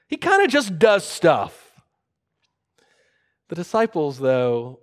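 A man's voice: on the high side, huge pitch swings, takes it slowly, long pauses. A man preaching a sermon, explaining scripture verse by verse and varying his pace for emphasis. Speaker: pastor.

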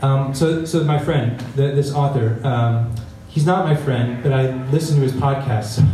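With a mid-range voice, fairly even intonation, and normal speed, this man preaches conversationally with hardly any pauses, often asking the congregation "right?" A crowd can be heard, and his voice comes from a distance in an echoey room.

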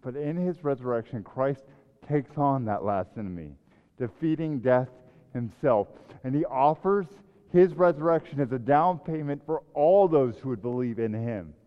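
A man preaching a sermon in a church, swelling loud and high on scripture and dropping low and soft to reflect. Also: expressive, normal speed, smooth. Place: church sanctuary. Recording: echoey hall, dull sound.

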